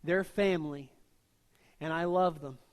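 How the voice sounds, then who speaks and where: Man preaching a lively, joking sermon. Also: a little high. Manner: conversational, joking preaching with quick voiced asides. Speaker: pastor.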